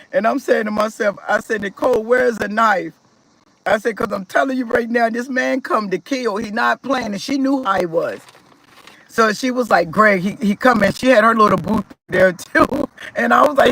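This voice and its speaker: A woman from South Carolina in the US gives a storytelling testimony about her own life, animated as she acts out other people's voices and laughs along the way. Her voice is on the high side at a moderate pace, and the recording is rough.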